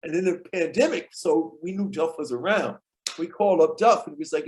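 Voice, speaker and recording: A man, a guest on a podcast, telling lively anecdotes and acting out the people in them. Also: a little high, brisk. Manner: tells anecdotes, acts out quoted people in lively voices. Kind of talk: animated storytelling in conversation.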